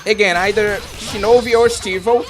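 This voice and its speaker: Casual streamer: mid-pitched, rambling, heavy on fillers, jokey with chat, faint game music behind. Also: steady tone, moderate pace. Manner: rambling, with many fillers and restarts; loose, joking banter with chat.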